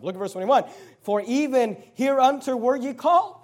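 A man preaching a sermon, emphatic, voicing complaining listeners and dropping his voice low to read scripture. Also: lively intonation, normal speed, a little mellow.

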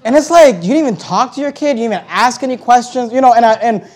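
High-voiced pastor, animated preaching. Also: male voice, fast talker. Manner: animated storytelling, acting out quoted voices, swings between loud and hushed. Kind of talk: sermon.

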